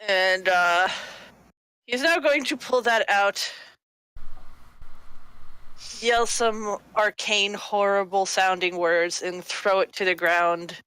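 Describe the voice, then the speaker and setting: Relaxed male player, unhurried, smooth and bright, laughs easily. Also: high voice, dry recording, low-quality recording. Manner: slow, easygoing, laughs often. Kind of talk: casual tabletop play.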